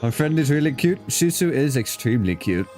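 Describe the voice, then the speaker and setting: A man's voice: mid-range voice, very animated, fairly quick, darkish tone, faint music behind. A man casually chatting and joking with a friend while streaming a game. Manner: joking, laughs a lot, swears. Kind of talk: casual let's-play chat.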